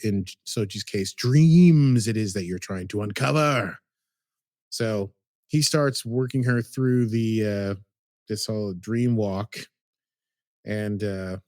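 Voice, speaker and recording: A man's voice: fairly low pitch, a little mellow, no echo, clean studio sound. A man casually recapping a TV episode as a podcast co-host, rambling and chatty with lots of "like"s.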